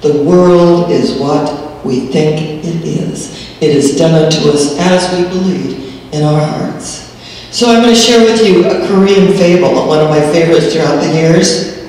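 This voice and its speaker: A woman minister telling a fable in a sermon as an animated storyteller. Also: sits low, unhurried. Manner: animated storyteller, sings chants. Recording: echoey hall, distant mic, faint noise.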